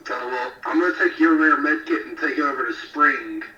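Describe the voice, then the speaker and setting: A man voices his character in a tabletop game in a plain, matter-of-fact way. His tone is very bright and sharp. He sits far from a dull-sounding mic in an echoey room. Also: medium pitch, fairly quick. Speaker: player. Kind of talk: casual tabletop game play.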